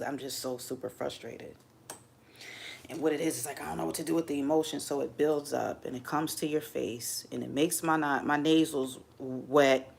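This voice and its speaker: A woman talks straight to her viewers on a home livestream, rambling and candid, letting her feelings show openly. Her voice has a gravelly, fry-touched edge. A faint background hiss sits under the streaming mic. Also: rumbling low, fairly even intonation, a little fast, a little mellow. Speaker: livestream host. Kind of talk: casual livestream chat. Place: home streaming setup under bright lights.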